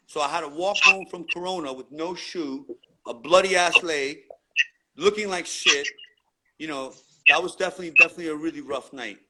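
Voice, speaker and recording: A man's voice: on the high side, a little fast. A man telling graffiti stories in a casual interview, laid-back and swearing freely in street slang. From New York. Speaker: graffiti writer being interviewed. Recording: loud background noise.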